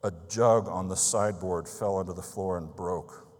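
A man's voice: low-pitched, fairly even intonation, moderate pace. Man, preacher, earnest sermon storytelling, emphatic, reverberant hall.

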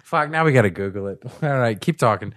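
A middle-aged man chatting casually as a podcast co-host, laughing often. His voice sits in an ordinary middle pitch. The sound is dry and close, with no room echo. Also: animated, fast talker, a bit bright. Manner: laughing, acts out voices in retellings. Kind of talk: casual chat.

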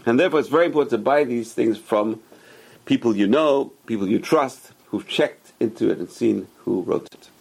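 A man giving a religious Torah class, emphatic and repetitive, rising sharply on stressed words and dropping low on asides. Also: moderate pace, creaky, darkish tone, husky. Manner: emphatic, repeats key phrases. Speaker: religious teacher.

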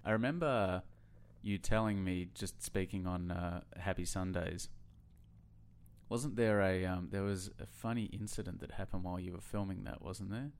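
A man hosting a casual interview, prompting his guest with relaxed questions. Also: low voice, moderate pace, clean tone. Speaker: podcast host.

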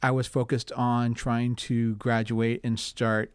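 Relaxed man telling his story. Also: mid-range voice, slow pace, clean tone, dry recording. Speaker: community theater actor. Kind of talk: casual interview.

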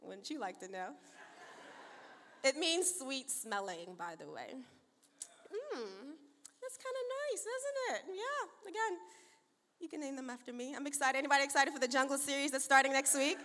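A woman's voice: high voice, animated, moderate pace, bright, forceful tone, slight background noise. A woman pastor in her thirties preaching in a church, playful and chatty, laughing often and acting out the dialogue in her stories. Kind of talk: sermon opening with church announcements and storytelling. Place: large church auditorium with long reverb. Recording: reverberant hall sound.

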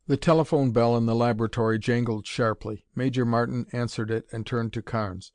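Male audiobook narrator; steady, even reading, dry sound. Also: mid-range voice, brisk, few pauses, no room sound. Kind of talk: scripted narration.

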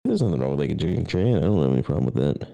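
A man's voice: rumbling low, very animated, rapid-fire, vocal fry, dark tone, no echo. A young man in a casual chat, making crude jokes and drawling his questions. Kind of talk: casual chat among friends.

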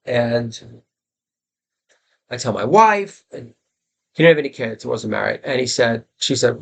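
A man's voice: medium pitch, sing-song, measured pace, vocal fry, pauses often. A man in his forties hosting his own podcast, telling crude, self-deprecating, meandering stories in a loose solo monologue. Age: 40s. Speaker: podcast host and comedy writer.

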